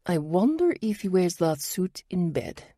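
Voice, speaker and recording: A woman's voice: lowish voice, big pitch swings, unhurried, warm tone, no echo, studio quality, voice pushed up, full character voice. A woman voicing a flirty, tipsy French woman with a thick French accent who teases boldly. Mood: teasing. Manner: teasing, bold and uncensored.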